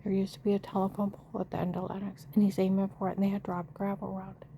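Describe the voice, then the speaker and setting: A woman's voice: mid-range voice, flat delivery, rapid-fire, gravelly, dark tone, slight background noise. Emotional middle-aged woman telling her story. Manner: emotional, breathless retelling with frequent quoted dialogue. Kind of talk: personal testimony.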